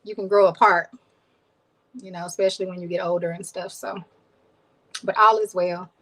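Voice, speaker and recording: A woman's voice: lowish voice, fairly even intonation, normal speed, fairly bright tone, poor audio. Soothing-voiced woman chatting on a live stream. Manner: chatty, laughs often, thanks viewers by name. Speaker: cooking channel host. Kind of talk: casual live-stream chat with viewers.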